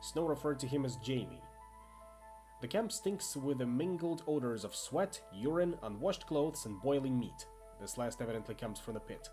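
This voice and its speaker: A man reading an interactive fiction game aloud in expressive second-person narration, with occasional asides. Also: medium pitch, normal speed, faint music behind. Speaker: game player and reader.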